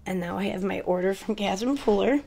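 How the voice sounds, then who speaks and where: A woman with a stuffy cold voice, chatting quickly and casually to her viewers in a crafting haul video. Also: medium pitch, gravelly, mellow. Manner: chatty, hurried, addresses viewers directly. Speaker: crafting vlogger.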